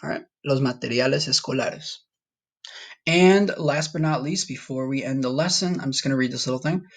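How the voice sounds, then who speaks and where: A man's voice: mid-range voice, moderate pace. A man from Colombia teaching a Spanish vocabulary lesson in a casual, patient way, repeating words for students to practice. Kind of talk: recorded classroom lesson.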